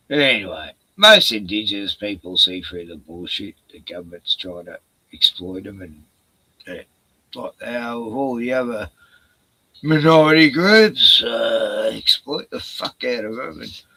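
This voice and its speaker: An Australian man runs a rambling solo livestream, ranting with heavy profanity and reading viewer comments out loud. His mid-range voice is gravelly, bright, forceful and slightly rough, with drawn-out filler sounds and restarts, and the audio is poor.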